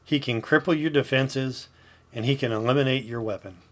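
Earnest preaching man, mid-pitched voice. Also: fairly quick, fairly bright tone. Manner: earnest, repetitive, emphatic preaching with rhetorical "Okay?". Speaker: podcast host, Christian teacher. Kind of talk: preaching podcast talk.

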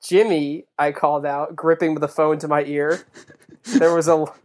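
A woman's voice: low-pitched, little pitch movement, normal speed. A woman co-hosting a comedy podcast, reading fan fiction aloud with dry, teasing asides. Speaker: podcast co-host.

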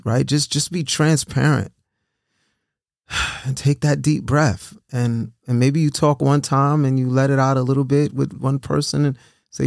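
A man's voice: medium pitch, steady tone, a little slow, gravelly, a little mellow, dry recording, clean studio sound. A man giving casual, earnest encouragement, often repeating himself and checking in with "right?".

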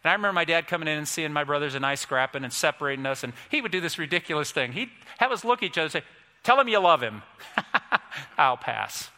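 Male pastor, fairly high bright voice, emphatic sermon, long church reverb. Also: rapid-fire, hardly any pauses. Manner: emphatic, storytelling, rises to forceful climaxes.

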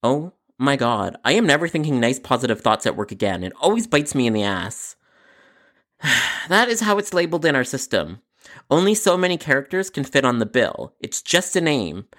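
A man's voice: medium pitch, fairly bright tone. Exasperated sarcastic male podcast host. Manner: exasperated, sarcastic inner monologue. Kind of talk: narrated customer service story.

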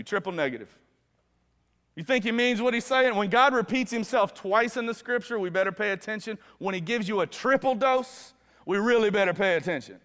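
A male pastor preaching a sermon with fervor, his voice swinging from hushed lows to loud, ringing peaks. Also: fairly quick. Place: church sanctuary. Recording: long reverb of a large hall.

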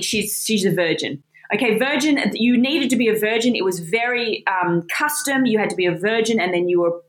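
A woman giving an expressive, emphatic Bible teaching talk in a conversational way. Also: on the high side, roomy sound, low-quality recording.

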